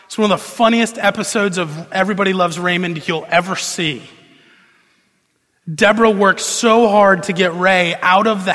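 A male pastor preaching a sermon in a conversational, animated storytelling manner, in a church hall. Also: high voice. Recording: long reverb of a large hall.

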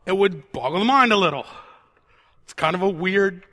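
Man, sermon, fairly high and bright voice, conversational, repeats words, turns quiet and intense. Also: expressive, normal speed. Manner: drops to a quiet intense tone on solemn points. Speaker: preacher.

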